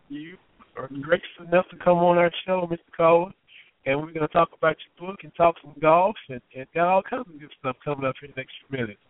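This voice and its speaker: A man in his thirties hosting a casual sports talk radio show, his voice still hoarse, chatty and folksy with many fillers. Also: on the high side, no room sound. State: hoarse, recovering voice. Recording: tinny phone-line audio.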